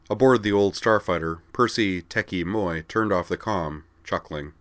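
A man with a low, deep voice narrates a story in a steady, storytelling manner. The recording is close and dry, with no room sound at all. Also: moderate pace, few pauses, no room sound. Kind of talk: reading a story aloud.

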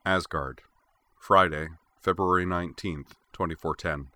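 Brief: male narrator with a deep, dry, close-mic read. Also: fairly even intonation, unhurried, bright, forceful tone, no echo. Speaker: audiobook narrator. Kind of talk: scripted narration.

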